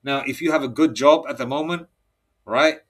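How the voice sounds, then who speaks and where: Rambling, heated male preacher. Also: mid-range voice. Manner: rambling, with frequent restarts; reads scripture slowly, aloud. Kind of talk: solo religious monologue.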